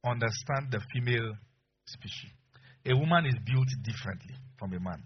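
A man preaching a sermon as pastor, telling stories with animated delivery and frequent laughter, on a dull lo-fi recording. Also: mid-range voice, brisk, slightly rough. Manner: animated storyteller, acts out voices, laughs often.

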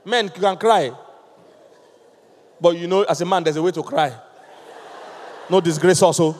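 A man preaching a lively sermon, acting out little scenes and laughing with his listeners. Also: high voice, measured pace, big-room sound, slight background noise. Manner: animated, acts out voices, laughs with the congregation.

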